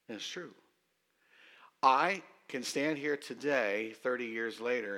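A man in his fifties, a pastor telling a story in his sermon in a conversational, self-deprecating way with dramatic pauses. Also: mid-range voice, a bit bright.

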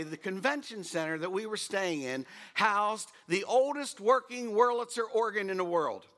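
An animated middle-aged preacher delivers a story-driven sermon, humming tunes and lifting his voice for emphasis. His voice sits high.

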